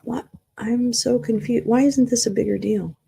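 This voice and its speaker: Searching for something on her casual stream, a host gets flustered and confused, cursing, humming, and talking to her viewers. She has a higher-pitched, gravelly voice that is mellow with a breathy edge, at a moderate pace.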